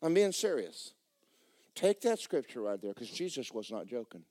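A man preaching a sermon, emphatic and loud at times, dropping low for stories. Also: big pitch swings, normal speed, dry recording. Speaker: pastor.

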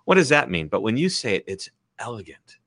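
A middle-aged man with a Midwestern American accent, an author speaking as an interview guest over a video call, talking with lively enthusiasm. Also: medium pitch, fast, dry recording, studio quality. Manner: enthusiastic, animated. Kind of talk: energetic interview talk.

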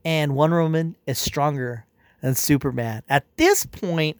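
A man's voice: a little high, a little slow, no echo, clean studio sound. A man ranting casually as a comic fan, swearing often and rambling with exasperation. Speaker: comic fan reviewing a movie. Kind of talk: casual rant.

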